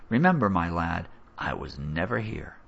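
A man voicing a wounded older uncle who speaks low, softly and wryly. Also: sing-song, normal speed, creaky, husky, highs cut off, exaggerated voice. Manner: low, soft, wry.

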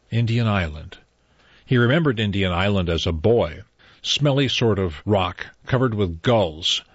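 A man reading a novel aloud as narrator, measured and even, in a dull, dry recording. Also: fairly low pitch, no echo. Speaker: audiobook narrator. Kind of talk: scripted narration.

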